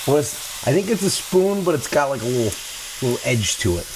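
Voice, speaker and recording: A man in his forties cooking in his home kitchen, joking to himself and breaking into playful sing-song shouts. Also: mid-range voice, big pitch swings, fairly quick. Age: 40s. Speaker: cooking vlogger. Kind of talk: goofy home cooking vlog. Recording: faint kitchen noise, sizzling pan.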